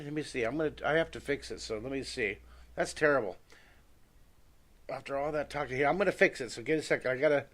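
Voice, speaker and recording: Middle-aged guy doing a live drawing class, mid pitch, rambles and talks to himself while sketching. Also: a bit bright. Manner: chatty, talks to himself while sketching, greets viewers by name. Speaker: drawing teacher. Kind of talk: live-streamed drawing lesson.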